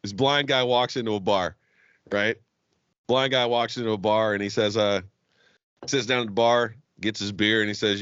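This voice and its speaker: A man's voice: on the low side, fairly even intonation, moderate pace, a bit bright, no echo. A man on a podcast telling crude bar jokes in a casual, profane way, laughing at his own punchlines. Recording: dull lo-fi dry podcast audio.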